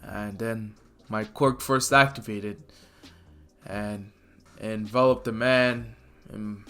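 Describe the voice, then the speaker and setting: A man voicing a quiet teenage boy hero confessing, hushed and halting. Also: on the low side, fairly even intonation, voice pushed down. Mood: grave.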